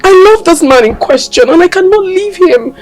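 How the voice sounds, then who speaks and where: A woman's voice: very high voice, expressive, normal speed, darkish tone, faint music behind, low-quality recording. A woman playing a young daughter who pleads with her mother to forgive her. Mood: pleading. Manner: begging, pleading. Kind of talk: Nollywood film acting.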